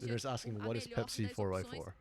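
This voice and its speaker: An esports caster from outside the United States, mixing live play-by-play with casual chat and reacting out loud to the plays. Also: mid-range voice, a little fast.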